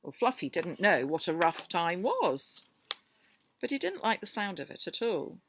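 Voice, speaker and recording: A woman reading a picture book aloud to children, gentle and expressive. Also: lowish voice, unhurried. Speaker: storyteller.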